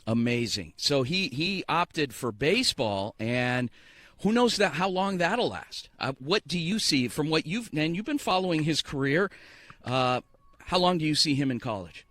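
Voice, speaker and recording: A man's voice: fairly high pitch, animated, normal speed, a bit bright. A man hosting a sports radio show live while speed walking outdoors, out of breath and stumbling over his words into a handheld microphone. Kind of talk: live remote broadcast chat. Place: outdoors walking to a softball field. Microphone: handheld microphone with a portable broadcast unit.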